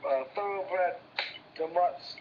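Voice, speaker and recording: A man's voice: high voice, slow pace, narrow, tinny audio, background noise. A man with a Brooklyn New York accent, teasing and wisecracking in casual banter with his brother as co-host. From New York inner city.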